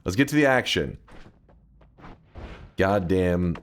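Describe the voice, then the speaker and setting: A man live-streaming a game, chatting casually with his viewers, swearing freely and flaring up in high-pitched indignant outbursts. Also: animated, slow pace, slight background noise. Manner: argues and banters with chat.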